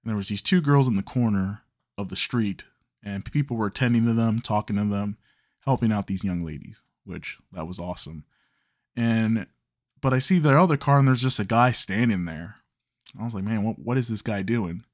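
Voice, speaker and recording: Man from chicago, lowish voice, dry close sound, rambling casual podcast storytelling, swears a bit. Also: lively intonation, normal speed, no echo. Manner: loose, rambling, self-correcting, swears casually. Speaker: podcast host.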